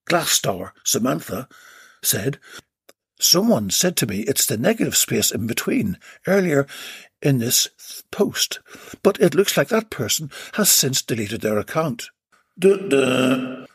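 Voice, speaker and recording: A man hosts a comedy podcast, reading listener comments aloud with cheeky, mock-dramatic asides. His voice is quite husky and swings widely in pitch, set a little high. The recording is close and dry. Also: sing-song, unhurried, no room sound. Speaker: podcast host. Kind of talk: comic podcast monologue reading listener posts.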